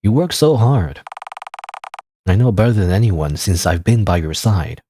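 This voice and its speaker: A man reading a gentle guardian spirit. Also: lowish voice, animated, a little slow, slight background noise. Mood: tender. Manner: reads game dialogue aloud plainly.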